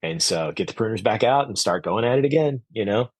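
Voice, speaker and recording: Deep-voiced earnest man, dry sound. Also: expressive, a little fast, darkish tone, no room sound. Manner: earnest, reflective, many fillers and restarts. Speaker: podcast guest, orchard owner. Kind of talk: conversational interview.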